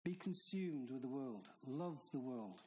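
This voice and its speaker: A man's voice: medium pitch, animated, unhurried, mellow, a little hiss or hum, low-quality recording. A man preaching a sermon in an earnest, stern manner, with emphatic repetition. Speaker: pastor.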